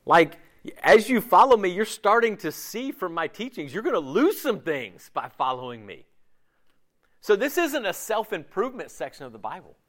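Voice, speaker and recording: Male pastor, conversational sermon, lively swooping delivery, slightly high voice. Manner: animated, conversational preaching with quick voiced asides.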